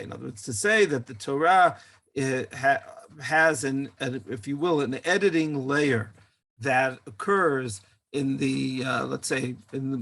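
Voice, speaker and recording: A man's voice: on the high side, a bit bright. A man teaching a Torah text-study class as a rabbi, thinking aloud with many restarts.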